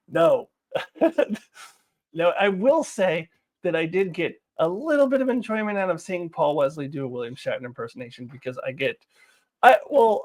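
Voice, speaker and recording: A woman talks straight to the camera in a casual review. She is animated and exasperated, and her laughter keeps breaking through as she argues her points. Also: sits low.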